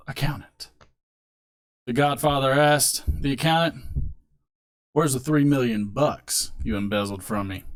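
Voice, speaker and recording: A man hosting a casual live stream, chatting, rambling and laughing as he tells a long joke. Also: mid-range voice. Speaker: host.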